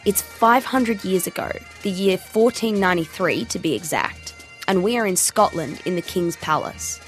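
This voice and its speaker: A woman's voice: lowish voice, lively intonation, normal speed, faint music behind. A woman hosting a scripted podcast in a playful, teasing way. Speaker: podcast host.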